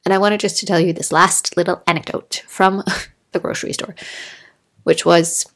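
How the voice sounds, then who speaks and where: Low-voiced chatty woman with a gravelly fry. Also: moderate pace. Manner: chatty, animated storytelling with laughs and acted-out quotes. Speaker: podcast host. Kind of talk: casual solo podcast monologue. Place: Norway.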